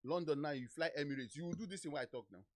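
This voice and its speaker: A man with a Nigerian accent, hosting a podcast and telling lively anecdotes, acting out the people he quotes. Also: a little high, rapid-fire, no room sound, clean studio sound. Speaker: podcast host. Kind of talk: casual storytelling chat.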